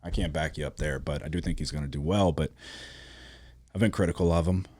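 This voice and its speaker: A man's voice: extremely low pitch, brisk, no echo, studio quality. A man co-hosting a casual sports betting podcast, telling stories with lots of swearing and acting out his own reactions. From New Orleans area. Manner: animated storyteller, swears freely, acts out his own reactions. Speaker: podcast co-host.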